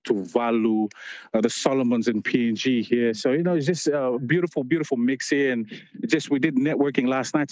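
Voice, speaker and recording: A man's voice: mid-range voice, darkish tone, no room sound. A man with a ni-Vanuatu accent, a radio correspondent chatting casually on a phone line, laid-back, laughing often and saying yo and bro. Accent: Pacific Islander, ni-Vanuatu.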